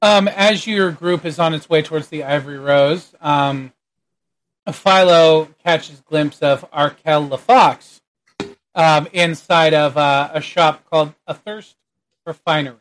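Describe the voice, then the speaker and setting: Relaxed man running a tabletop game, higher voice, lots of uh and um. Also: unhurried. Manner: relaxed, chuckling, hesitant fillers. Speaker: game master.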